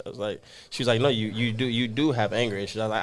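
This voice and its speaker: A man's voice: on the low side, steady tone, fast talker, few pauses. Laid-back man hosting a podcast. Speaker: podcast host. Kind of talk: casual podcast chat.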